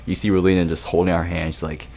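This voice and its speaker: Deep-voiced young man rambling about an anime. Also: level tone, fast, a little mellow. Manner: rambling, laughing, swearing, quotes scenes in mock voices. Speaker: anime reviewer. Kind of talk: casual video review.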